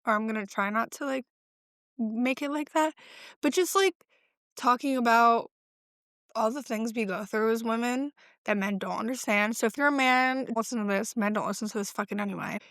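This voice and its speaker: In a casual solo podcast, the host, a pregnant woman in her late twenties, swears frequently and leans on "like" as filler. She speaks at normal speed in a slightly high, bright voice, recorded dry with clean studio sound.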